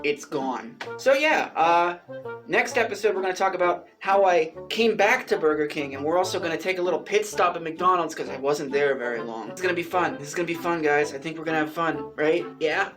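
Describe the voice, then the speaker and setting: A man vlogger telling a personal story in a casual way, animated and exasperated, swearing freely and pushing his pitch up for emphasis. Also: brisk, soft background music.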